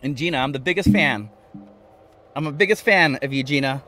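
A man's voice: mid-range voice, brisk, bright, forceful tone. A man hosting a casual live stream from inside his van, reading viewer comments aloud and repeating phrases playfully. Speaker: vanlife livestream host.

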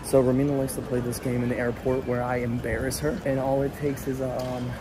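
A man's voice: medium pitch, flat delivery, brisk, heavy background noise. A young man talking straight to his viewers in an upbeat, hypey way while vlogging about his cars on the go. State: hoarse. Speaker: car vlogger. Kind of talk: casual vlog talk to camera.

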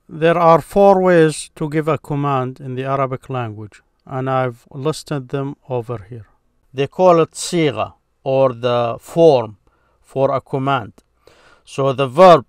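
Slow, patient male grammar teacher. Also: mid-range voice, no room sound, studio quality. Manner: slow, patient explaining with pauses and restarts. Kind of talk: explanatory lesson.

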